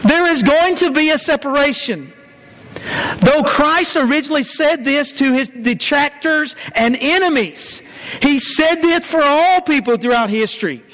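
A man preaching a sermon as pastor, earnest, dropping low and slow to stress key lines. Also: expressive, a bit bright.

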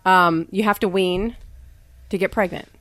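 A woman hosting a podcast in casual chat, affirming and quick to chime in. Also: medium pitch, steady tone, fairly bright tone, dry recording.

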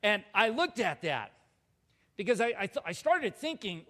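A man with a notably high voice tells a personal story from the pulpit. He is animated and pokes fun at himself as he acts out his own words. The sound rings out with the long reverb of a big hall. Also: moderate pace. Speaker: preacher giving a testimony. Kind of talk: storytelling sermon. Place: large hall before a live audience.

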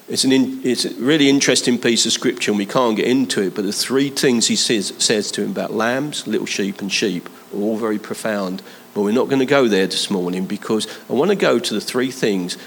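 A man preaching a sermon in a church, building emphasis through repeated phrases and slowing down to stress his key points. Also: lowish voice, vocal fry, a little hiss or hum, rough recording.

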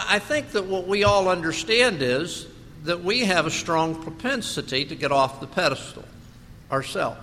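Male pastor, slow deliberate delivery, bright forceful tone, big church reverb. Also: fairly high pitch, slight background noise. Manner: slow, emphatic preaching with rhetorical questions. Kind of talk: sermon.

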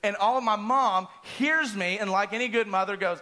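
Animated high-voiced preacher. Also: male voice, normal speed. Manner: animated storyteller, acts out screams. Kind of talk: sermon with personal story.

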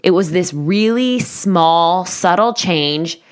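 Animated woman coach telling a story. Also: lowish voice, slow pace. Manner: candid, animated, self-deprecating. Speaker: life coach. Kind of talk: personal storytelling to listeners.

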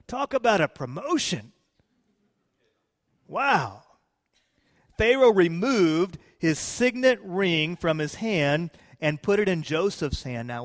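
A man preaching a sermon, retelling scripture with lively, playful asides to his congregation. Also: a little high, big-room sound. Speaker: pastor.

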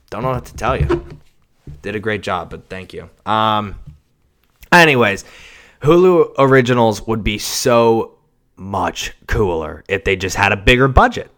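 A man hosting a solo casual podcast, rambling and swearing, swinging from mumbles to shouts, on a cheap home mic. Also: on the low side. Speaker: podcast host. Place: home recording setup. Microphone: cheap mic without pop filter.

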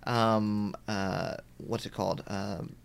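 A man co-hosting a casual podcast, talking in a relaxed way with frequent ums and restarts. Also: fairly low pitch, slow pace, gravelly, smooth. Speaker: podcast co-host. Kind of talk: casual chat.

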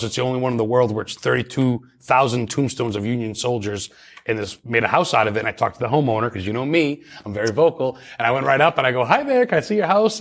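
A man's voice: mid-range voice, creaky. A man talking as a paranormal investigator guest in a casual interview, chatty and rambling with many restarts.

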